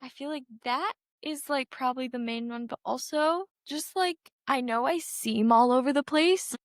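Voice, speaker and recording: Teen girl talking w her mom, kinda high voice, says "like" constantly, dry close sound. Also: normal speed, dry recording. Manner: rambling, heavy "like" fillers. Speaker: co-host. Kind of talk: casual chat.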